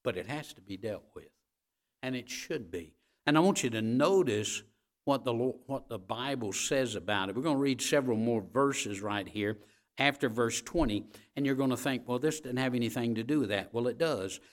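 A man preaching a sermon as pastor, speaking to his congregation directly and folksily, repeating key phrases and swinging between loud emphasis and quiet asides. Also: medium pitch, expressive, normal speed.

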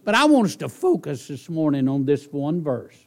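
Conversational preacher man, fairly high voice. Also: big pitch swings, normal speed. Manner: conversational, repeats "all right?" to the congregation; soft pleading delivery with bursts of emphasis. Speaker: pastor. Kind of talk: sermon.

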